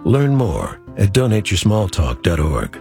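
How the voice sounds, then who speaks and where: A man narrating a public service ad in a slow, deadpan voice-over. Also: deep voice, vocal fry, faint music behind. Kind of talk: scripted voice-over.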